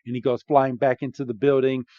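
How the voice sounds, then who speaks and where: A man hosting a podcast, retelling a movie scene by scene in a casual, animated way with frequent fillers. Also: medium pitch, a little fast, dry recording, phone-quality sound. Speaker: podcast host. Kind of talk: casual movie recap chat.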